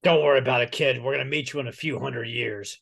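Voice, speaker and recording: A man playing a blunt adventurer in a tabletop game, speaking gruffly and offhandedly. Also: medium pitch, steady tone, fast talker, fairly bright tone. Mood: offhand. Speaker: player.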